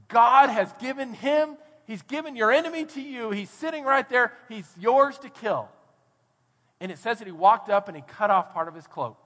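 A man, a pastor from Texas, preaching a sermon with dynamic swings between soft and loud delivery. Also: high-pitched. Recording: long hall reverb.

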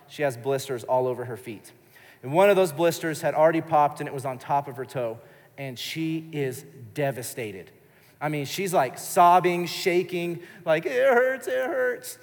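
Storytelling preacher with a hall echo. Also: male voice, fairly high pitch, moderate pace. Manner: conversational storytelling with fillers. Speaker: pastor. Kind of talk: sermon. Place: church service, indoors. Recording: live in a large church hall with long reverb.

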